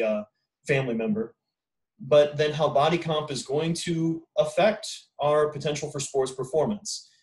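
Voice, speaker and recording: A man's voice: medium pitch, darkish tone, distant mic, poor audio. A man giving a casual, blunt lecture to his students as their instructor. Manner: informal, blunt, talks to students directly. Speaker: exercise physiology instructor.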